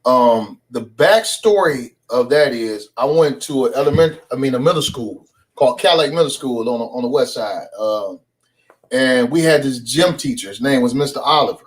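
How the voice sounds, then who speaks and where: A man who is a guest comedian on a podcast, telling an animated, slangy story. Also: medium pitch, moderate pace.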